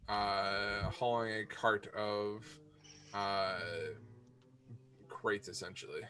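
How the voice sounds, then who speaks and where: Low-voiced guy game-mastering, lots of uhs, faint music under it. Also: little pitch movement, bright, forceful tone. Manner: halting, with many "uh"s and restarts. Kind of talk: narrating a tabletop game.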